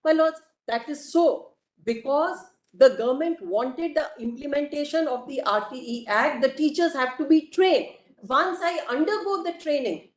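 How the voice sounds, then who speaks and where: A woman advocate with an Indian accent, making a formal, deliberate courtroom argument and addressing the bench again and again. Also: high-pitched. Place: courtroom hearing. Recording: echoey courtroom audio.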